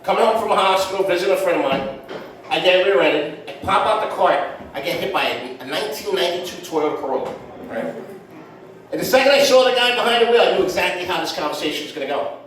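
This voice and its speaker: A man's voice: high voice, expressive, fast, fairly bright tone, a little hiss or hum. A man doing a stand-up set in a comedy club, brash and conversational, tossing in "man" and "right?" as he goes. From Puerto Rican heritage. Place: comedy club stage with audience laughter. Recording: echoey club, heard from far off.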